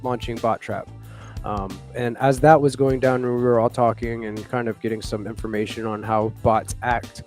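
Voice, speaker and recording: A man's voice: medium pitch, level tone, moderate pace, hardly any pauses, darkish tone, soft background music. A man hosting a casual live news chat, rambling with lots of fillers and laughing now and then. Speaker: morning show host.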